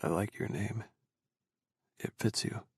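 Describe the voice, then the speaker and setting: A man voicing a gentle, soft-spoken young soldier in an audiobook, talking low and quietly. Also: takes it slowly, slightly rough, dry recording, studio quality, full character voice. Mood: tender. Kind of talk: audiobook character voice.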